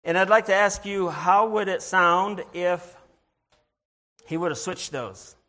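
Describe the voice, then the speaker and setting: A man giving an informal sermon, earnest and halting, often restarting and repeating his words as he searches for them, and reading scripture in a slower voice. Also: high voice, sharp tone. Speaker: lay preacher.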